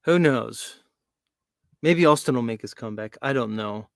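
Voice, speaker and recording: A man's voice: medium pitch, moderate pace, creaky, no echo. A man hosting a show, talking casually in a mocking, rambling way. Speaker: host. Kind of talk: casual livestream talk.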